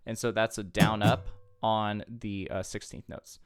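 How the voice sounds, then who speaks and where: A man's voice: fairly low pitch, little pitch movement, measured pace. A man giving a casual guitar tutorial, patiently walking through chords and counting beats aloud. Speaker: guitar teacher. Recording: loud guitar music underneath. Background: guitar playing.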